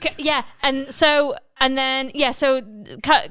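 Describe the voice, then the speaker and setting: A woman's voice: sits high, slow pace, dry recording. A woman co-hosting a podcast, improvising a comic story and acting out its characters' lines. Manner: animated, acts out characters' lines. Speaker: podcast co-host. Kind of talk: improvised comedy chat.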